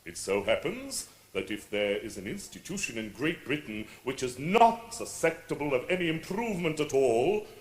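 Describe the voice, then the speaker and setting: A man's voice: medium pitch, sing-song, normal speed, few pauses, roomy sound, close to an everyday voice. A man playing a pompous blustering peer. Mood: indignant. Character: pompous middle-aged male peer. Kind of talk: operetta stage acting.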